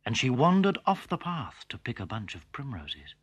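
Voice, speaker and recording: A man reading a children's story aloud in a gentle, expressive narration. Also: mid-range voice, moderate pace. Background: background music.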